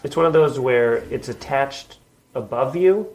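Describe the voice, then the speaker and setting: A man's voice: medium pitch, a little slow, darkish tone, rough recording. A man from New York, a comedian guest, chatting casually in a basement with rambling, self-deprecating jokes. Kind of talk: casual chat.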